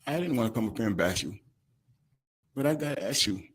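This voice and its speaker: A man, crying as he gives an emotional, halting victim statement at a courtroom podium microphone. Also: fairly low pitch, lively intonation, breathy edge. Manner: emotional, halting, breaks off mid-sentence.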